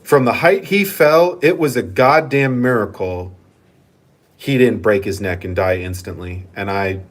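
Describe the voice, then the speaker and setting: A man's voice: lowish voice, unhurried. A man chatting casually in a vlog, reading viewer comments and swearing freely while he rambles. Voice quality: profane, rambling, laid-back. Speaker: channel host.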